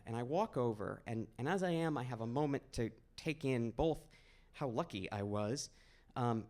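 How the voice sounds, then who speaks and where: A young man from Maine tells a true story on a small stage, in an easy, conversational way with a wry, self-deprecating edge. His voice sits at an ordinary middle pitch. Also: a little mellow. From Maine, USA. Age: 20s. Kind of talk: live personal storytelling.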